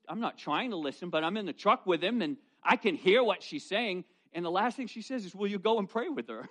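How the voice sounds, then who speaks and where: A middle-aged male pastor preaching a sermon, telling folksy personal stories in an animated way. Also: high voice. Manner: storytelling, animated, folksy asides.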